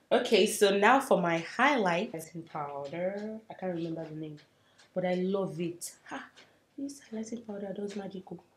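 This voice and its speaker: A woman's voice: lowish voice, lively intonation, unhurried. Chatty woman in a roomy echo. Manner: chatty, self-mocking, drifts to soft murmurs while working. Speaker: beauty vlogger. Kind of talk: casual makeup tutorial chat. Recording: roomy echo, faint hiss.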